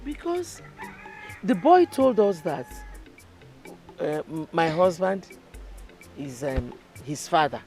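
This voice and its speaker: A woman's voice: fairly low pitch, big pitch swings, slow, pauses often, darkish tone, faint music behind, full character voice. An actress with a Nigerian English accent playing a married woman who questions an elder pointedly. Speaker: wife.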